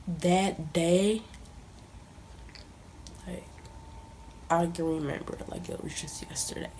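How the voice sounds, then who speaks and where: A young woman recounts a personal story in a relaxed, conversational vlog style, now and then sinking into a near-whisper. Her voice is mellow and sits a little low, with a faint hiss under the recording. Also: slow, long pauses. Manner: casual, conversational, drops to near-whispers at times. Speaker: vlogger. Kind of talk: storytime monologue.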